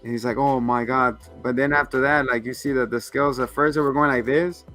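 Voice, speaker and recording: A man's voice: medium pitch, steady tone, quick pace, pushed and bright, soft background music. Rambling, laughing man recapping an episode. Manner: rambling, laughs often, acts out lines from the show. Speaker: podcast co-host. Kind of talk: casual review chat.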